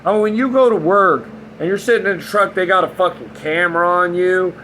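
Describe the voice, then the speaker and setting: A man's voice: sits high, a little fast, bright, forceful tone, a little hiss or hum, low-quality recording. A man in his thirties talking bluntly and frankly in a casual monologue, rambling and swearing a lot. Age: 30s. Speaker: vlogger.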